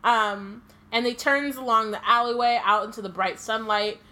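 A woman's voice: fairly high pitch, steady tone, normal speed, sharp tone. A woman co-hosting a book podcast, reading passages aloud with frequent ums and easy laughter. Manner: reads aloud with many ums, laughs easily. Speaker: podcast co-host.

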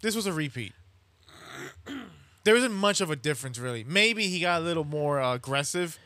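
A man with a bright, somewhat high voice chats loosely on a podcast, agreeing easily and circling his points. The sound is close and dry, with no room around it. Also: animated, normal speed, no room sound. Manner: agreeable, frequent backchannel, loose phrasing. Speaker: boxing podcast co-host. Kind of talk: casual chat.

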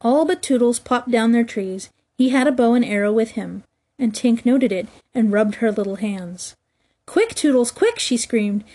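Mellow woman narrating a storybook. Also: fairly high pitch, steady tone, moderate pace. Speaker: audiobook reader.

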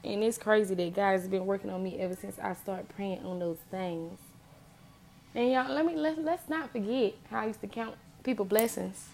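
A woman's voice: medium pitch, moderate pace, gravelly, darkish tone, soft background music. A woman giving an earnest, impassioned motivational faith talk, repeating phrases for emphasis.

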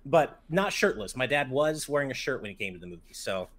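A man hosting a podcast in relaxed casual chat, telling a story and reading out listener comments. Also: medium pitch. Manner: easygoing, quick to laugh, reads out listener chat. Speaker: podcast host.

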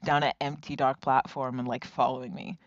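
A woman's voice: very deep voice, a little fast, dry recording. A woman chatting as a podcast guest, telling stories and acting out what others said. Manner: animated storytelling, acts out quoted voices. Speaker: guest, activist. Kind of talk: casual chat. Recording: dull, lo-fi sound.

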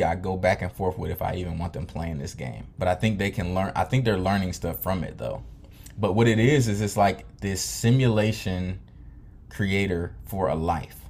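A man who works as a dental hygienist, a guest on a podcast. He chats casually, tells relaxed stories and laughs easily. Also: sits low.

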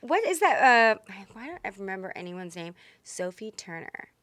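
A woman's voice: medium pitch, moderate pace, dry recording. A woman with a Texan accent, chatting casually and animatedly as a podcast co-host. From Texas. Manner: chatty, animated, self-deprecating. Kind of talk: casual chat.

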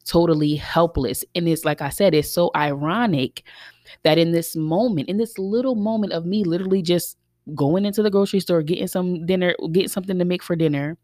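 A woman's voice: on the low side, fast talker, dark tone, no echo, clean studio sound. A woman of thirty hosting a podcast, talking candidly and reflectively in a loose, rambling way with many fillers. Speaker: podcast host. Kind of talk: casual reflective monologue.

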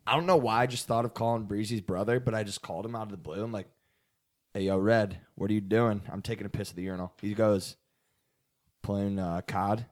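A man's voice: fairly low pitch, fairly even intonation, normal speed. A young man casually telling a rambling story to friends, swearing and saying dude a lot. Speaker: podcast co-host.

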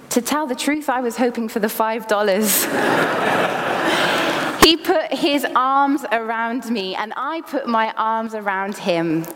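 A woman gives a sermon to her congregation, her voice sitting a little high and carrying a long, ringing reverb from the church hall. She reads passages aloud from a book and drops small laughs between lines. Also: lively intonation, measured pace, a bit bright, slight background noise. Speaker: preacher.

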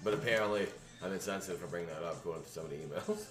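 A man's voice: sits low, racing. A man hosting a comedy podcast, telling crude jokes and mock stories in casual banter. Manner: profane, joking, mock storytelling. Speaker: podcast host. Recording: roomy echo with music behind.

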